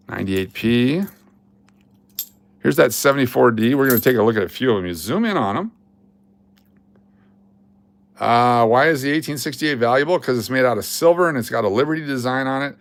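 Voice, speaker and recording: Gravelly man hosting a coin livestream. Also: medium pitch. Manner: excitable, hypes finds, chats with viewers. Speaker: coin roll hunting livestream host. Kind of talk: casual live-stream chat.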